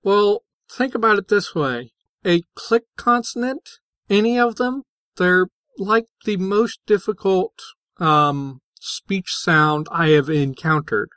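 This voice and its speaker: Slow bright-voiced man hosting a podcast. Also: high voice, no echo. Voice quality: hesitant, many fillers and restarts. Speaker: podcast co-host. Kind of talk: casual discussion of linguistics.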